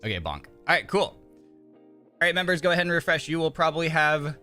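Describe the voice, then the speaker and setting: A man's voice: fairly high pitch, sing-song, measured pace, pushed and bright, soft background music. A young man on a casual livestream, cheerfully welcoming viewers by name and thanking them, often stumbling over names. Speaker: streamer.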